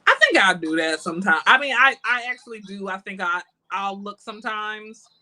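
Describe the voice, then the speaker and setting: A woman's voice: mid-range voice, animated, a little fast, sharp tone. A woman from the United States co-hosting a podcast, chatting casually and expressively and acting out her own reactions with laughs. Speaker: podcast co-host. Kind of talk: casual chat.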